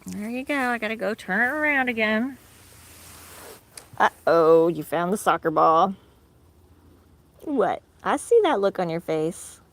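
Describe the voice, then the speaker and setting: A woman's voice: mid-range voice, expressive, a little slow, pauses often, fairly bright tone. A woman in her thirties rambling casually on a live stream from her backyard, laughing often and leaning on fillers. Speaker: live stream host, tortoise owner. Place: outdoors in a backyard.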